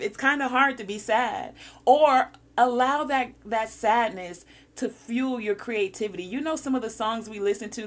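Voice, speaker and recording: A woman's voice: fairly high pitch, a bit bright. A woman giving a spiritual encouragement talk, coaching listeners through breathing exercises. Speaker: spiritual guide.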